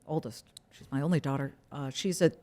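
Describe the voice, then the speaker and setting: A middle-aged TV news anchor, guesting in a casual interview, tells stories frankly, emphatically, and with animation. Her voice sits low and moves briskly.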